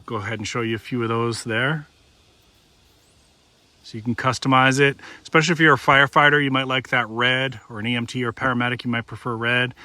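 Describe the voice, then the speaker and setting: Bright-voiced man reviewing a knife. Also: mid-range voice, fairly even intonation, a little fast, no echo. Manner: conversational, demonstrating as he talks, folksy. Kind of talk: casual product review.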